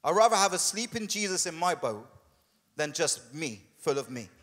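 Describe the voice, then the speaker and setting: Joking pastor in a reverberant church. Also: male voice, on the high side, big pitch swings, normal speed, a bit bright. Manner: conversational and humorous, with quoted asides. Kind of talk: sermon. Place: church hall.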